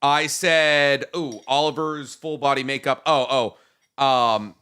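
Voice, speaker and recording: A man's voice: medium pitch, steady tone, takes it slowly, pushed and bright, smooth. A young man co-hosting a podcast in casual chat, loose and profane, laughing often. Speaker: podcast co-host.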